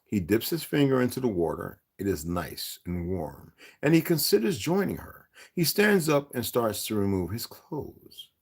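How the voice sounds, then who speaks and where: Husky man reading a novel aloud. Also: medium pitch. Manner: self-correcting, expressive reading. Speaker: reader.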